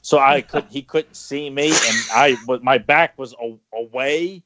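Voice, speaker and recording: A man's voice: medium pitch, bright, forceful tone, slight background noise. Sarcastic man ranting on a podcast. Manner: rapid sarcastic rants, profane. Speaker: podcast co-host. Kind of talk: casual podcast chat.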